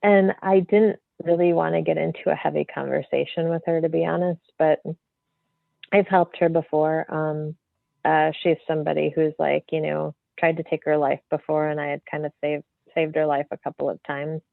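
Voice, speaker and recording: A woman's voice: low voice, moderate pace, gravelly, no room sound. Chatty woman medium on a tinny line. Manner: animated, free-flowing, many fillers like "like" and "you know". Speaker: medium, podcast guest. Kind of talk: casual storytelling in an interview. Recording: tinny phone-like line, dry.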